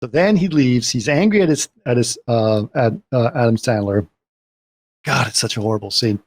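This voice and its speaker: Podcast guy going through a movie plot bit by bit, keeps saying right?, dry close mic, normal-pitched voice. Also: normal speed, darkish tone, no room sound. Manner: rambling scene-by-scene retelling, frequent "right?". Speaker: podcast co-host recapping a film. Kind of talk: casual chat.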